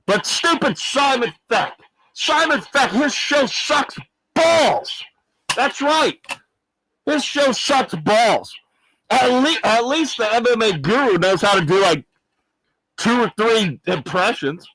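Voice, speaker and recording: A brash, dim-witted clown in his fifties with a put-on Arkansas drawl, as a man plays him for a livestream comedy bit. The voice sits high and swoops wildly, and the talk is slow and dragging. His rambling rant is full of shouted insults, and the sound is dry and close. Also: expressive, husky, no echo, full character voice, poor audio. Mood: mocking. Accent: put-on Arkansas accent. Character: loud dim-witted male clown from the American South, fifty-six.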